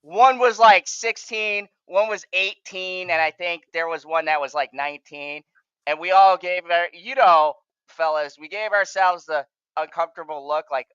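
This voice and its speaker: A man's voice: on the high side, normal speed, pushed and bright, clear, resonant tone, no echo, highs cut off. A man hosting a casual podcast chat, telling a rambling story and swearing freely. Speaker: channel host.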